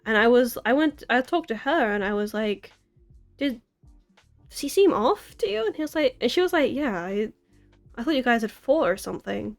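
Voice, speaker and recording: A woman's voice: on the high side, lively intonation, a little fast, soft background music. A young American woman in her twenties, chatting casually on a live stream from her city apartment, rambling and giggling at herself. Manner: rambling, giggly, self-deprecating. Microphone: desk mic.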